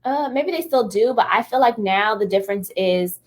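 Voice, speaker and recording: A woman in her thirties co-hosts a relaxed talk show. Her voice sits in a middle pitch, and she tells long stories full of fillers. She slips into quoted voices as she goes. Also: normal speed. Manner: animated storyteller, acts out quotes, many fillers like "like". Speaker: podcast co-host. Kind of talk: casual chat.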